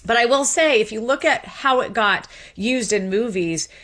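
A woman, a sociolinguist, explaining speech and accents as a guest in a radio interview. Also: fairly high pitch. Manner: lively explaining, quick asides.

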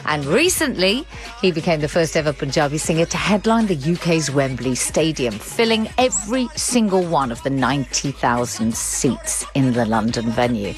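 Low-voiced woman radio arts host. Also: expressive, soft background music. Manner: brisk, playful and conversational. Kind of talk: broadcast radio presenting.

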